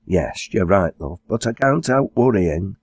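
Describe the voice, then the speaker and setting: A man voicing a kindly, fussing middle-aged farmer's wife in an audiobook, in a somewhat raised, husky voice. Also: low-pitched, animated, a little slow, a little mellow, dry recording, heavily acted. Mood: motherly.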